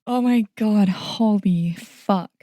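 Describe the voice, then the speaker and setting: A woman's voice: medium pitch, slow, mellow, no room sound, studio quality. A woman hosting a podcast, reacting to a movie trailer in a gushing, effusive, exclaiming way. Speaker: podcast host. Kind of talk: casual trailer reaction commentary.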